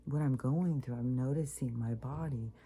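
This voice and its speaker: Woman vlogger with a very low, dark voice, rambling casually and dropping into whispery asides. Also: moderate pace. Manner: rambling, many fillers, drops into whispery asides. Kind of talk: casual spiritual vlog monologue.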